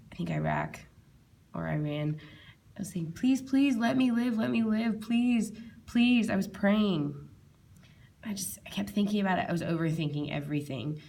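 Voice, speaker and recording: A woman interpreter voicing a signer's personal story in the first person, halting, with frequent restarts and repeated phrases. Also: medium pitch, gravelly, darkish tone.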